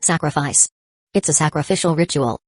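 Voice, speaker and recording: A woman's voice: low voice, a little fast, darkish tone, husky, no room sound, studio quality. Woman reading as a brash, impatient zealot man. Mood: defiant. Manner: snapping, blunt demands.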